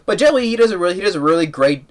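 Rambling, excited male movie reviewer. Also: high-pitched, rapid-fire. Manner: rambling, excited, with many restarts. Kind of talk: casual plot recap.

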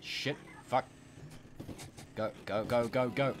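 A man commentating on a game he is playing, excitable and swearing, a bit sick and clearing his throat. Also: mid-range voice, slow pace, soft background music. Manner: excitable, swearing, yelping at failures. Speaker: gameplay commentator. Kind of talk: let's play commentary.

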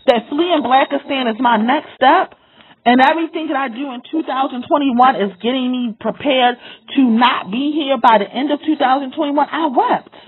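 Speaking straight to camera, a female vlogger delivers an impassioned, profane monologue, repeating lines for emphasis. Her voice sits high with a breathy edge, and the recording sounds tinny, like a phone.

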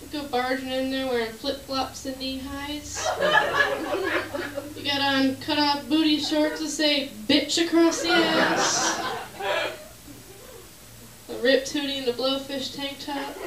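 Woman doing a stand-up set, kinda high voice, animated, recorded from far off in an echoey noisy room. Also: a little slow, pauses often. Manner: animated, crowd work, acts out bits. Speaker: stand-up comedian.

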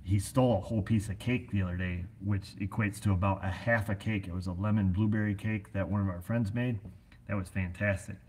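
A man's voice: lowish voice, steady tone, fairly quick, a little mellow, a little hiss or hum. A middle-aged American man who runs an auto repair shop, chatting casually in a folksy, rambling way full of fillers. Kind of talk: casual rambling vlog chat.

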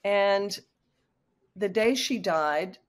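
Drawing out her words in a medium-pitched voice, a woman in her sixties shares a personal story as a guest author on a video call, speaking openly and emotionally.

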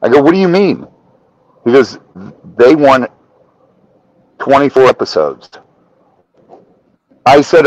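A man on a podcast telling a story in casual, animated talk, swearing often and acting out the dialogue. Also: medium pitch, a little slow, long pauses, no echo, rough recording. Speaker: podcast guest.

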